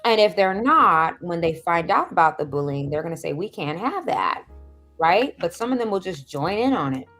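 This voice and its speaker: Animated woman chatting on a live stream. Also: a little fast, few pauses, faint music behind. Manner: animated, laughs often, jumps to a squeaky high voice when acting out people. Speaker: host of a self-help livestream. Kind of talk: casual live-stream chat, advice and storytelling. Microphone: video call or stream mic.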